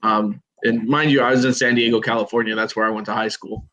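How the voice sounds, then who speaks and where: A man, a pro wrestler guest, recalling his start in a measured way with "uh"s in a casual podcast interview. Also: fairly low pitch. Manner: flat, measured recollection with fillers. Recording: slightly dull lo-fi sound.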